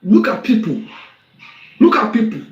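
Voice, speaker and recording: Guy ranting on a live stream, kinda high voice, sounds far off and muffled in an echoey room. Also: huge pitch swings, moderate pace. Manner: aggrieved, mixes English and Yoruba.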